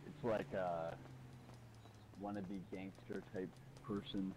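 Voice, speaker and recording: A man chatting casually in a game voice chat, quiet and offhand. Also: sits low, flat delivery, slow, slight background noise, rough recording.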